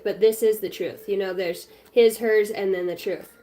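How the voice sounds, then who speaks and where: A woman's voice: mid-range voice, normal speed, a little mellow. A woman giving a casual, blunt, encouraging tarot reading at home, swearing freely. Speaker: tarot reader. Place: home with her small child nearby.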